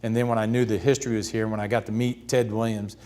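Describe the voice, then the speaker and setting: A man in his fifties, a retired pitcher, telling stories in an interview and laughing as he goes. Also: flat delivery, fast talker, a little mellow. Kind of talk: storytelling in a sit-down interview.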